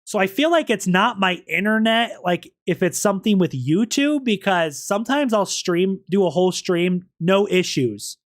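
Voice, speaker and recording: High-voiced streamer chatting to viewers. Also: male voice, lively intonation, normal speed, hardly any pauses, dry recording, studio quality. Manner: chatty, apologetic asides to viewers. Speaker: live streamer reacting to a video. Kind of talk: casual live-stream chat.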